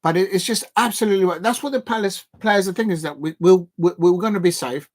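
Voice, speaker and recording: A man hosting a live football watch-along, ranting in an animated, exasperated way and often restarting his sentences. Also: high-pitched, quick pace. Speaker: football fan live-stream host. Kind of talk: casual watch-along commentary.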